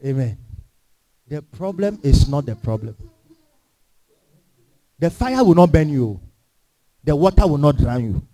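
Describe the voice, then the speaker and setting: A male pastor delivers an emphatic sermon, firing rhetorical questions at his congregation. His voice sits high and swings widely up and down, with a mellow, dark tone. The sound is dry and close. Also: very animated, a little slow, pauses often, no room sound. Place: church.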